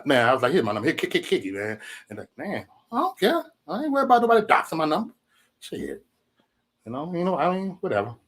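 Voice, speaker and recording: On a casual livestream chat, a male host rambles loosely, swears, keeps saying "man," and chuckles between remarks. His voice sits in the mid range with a fairly bright tone.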